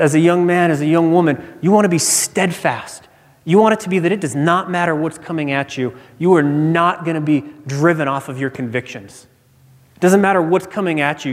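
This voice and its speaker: Man, pastor, sermon, conversational storytelling, fairly high voice, hall reverb. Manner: conversational storytelling preacher, building to emphatic repetition.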